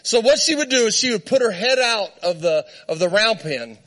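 A man preaching a storytelling sermon, lively and conversational, laughing often and checking in with his listeners. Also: high voice, moderate pace.

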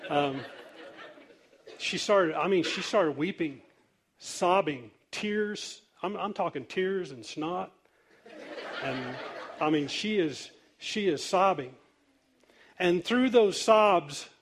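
A man's voice: high voice, a little hiss or hum. A man preaching a sermon as pastor, telling stories in a loose, conversational way with easy laughter. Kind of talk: sermon storytelling.

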